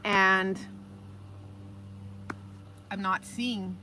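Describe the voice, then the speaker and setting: A woman hosting a live stream, telling stories in a casual, animated way and reading out viewer comments. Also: medium pitch, very slow, background noise. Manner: animated, chatty, reads viewer comments aloud. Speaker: livestream host.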